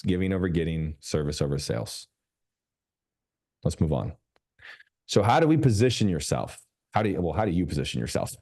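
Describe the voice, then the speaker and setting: A man coaching a group over a video call, emphatic and slowing down to stress his points. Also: deep voice, dark tone. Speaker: business coach.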